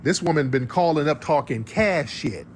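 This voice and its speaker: A man's voice: a little high, lively intonation, moderate pace, a little hiss or hum. A man from the United States hosting a livestream, ranting in heated, profane reaction commentary and repeating his points for emphasis. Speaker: livestream host.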